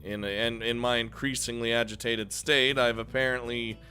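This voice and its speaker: Man, let's player, excitable, swears, cuts himself off, bright tone. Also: mid-range voice, moderate pace, clean tone, soft background music. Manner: excitable, swearing, laughing, breaks off mid-sentence. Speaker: video game let's player. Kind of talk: reading a visual novel aloud with commentary.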